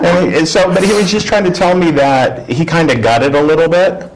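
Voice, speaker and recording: On a talk show, a middle-aged guest tells a personal story casually, his voice on the high side, a little fast and with few pauses. He often restarts sentences and performs the voices he quotes, in a rough recording.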